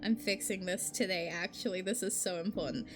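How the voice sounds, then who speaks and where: A woman streamer chatting casually while playing a game, animated and rambling, laughing often. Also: fairly low pitch, a little fast, over music.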